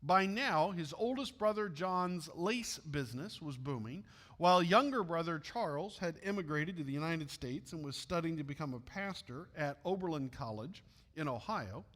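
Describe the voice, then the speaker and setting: Brief: Midwestern male church storyteller, chatty asides, slightly high voice, echoey hall. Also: animated, normal speed, fairly bright tone. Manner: friendly asides to listeners. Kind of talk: reading a missionary story aloud.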